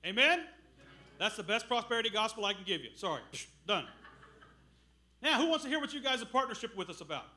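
A middle-aged man preaching a sermon as a missionary, telling stories with loud bursts. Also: sits high, quick pace, pauses often. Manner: animated storytelling with loud bursts.

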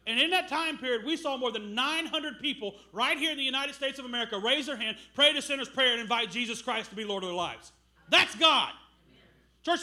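A middle-aged man preaching a sermon as a missionary, telling stories with loud bursts. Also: very high-pitched. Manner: animated storytelling with loud bursts.

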